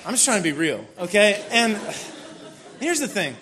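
A man preaching a sermon in a relaxed, conversational storytelling way, with sudden bursts of mock frustration. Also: sits high, normal speed. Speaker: pastor.

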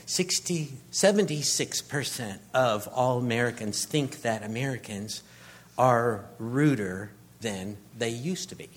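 A man, preaching a humorous sermon as a rambling storyteller who grows animated. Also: fairly low pitch, a little hiss or hum.

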